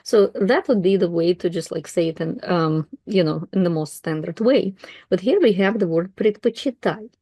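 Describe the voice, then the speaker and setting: A woman's voice: on the low side, moderate pace, warm tone, husky, dry recording. A woman whose first language is Russian, teaching while reading aloud, thinking aloud with fillers and self-corrections.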